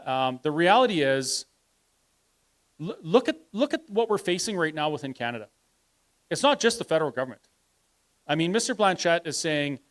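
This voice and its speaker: A man speaking on a live panel, arguing forcefully and sometimes trailing off while searching for words. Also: fairly high pitch, big pitch swings, moderate pace, long pauses. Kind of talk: live public panel talk. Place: live event hall.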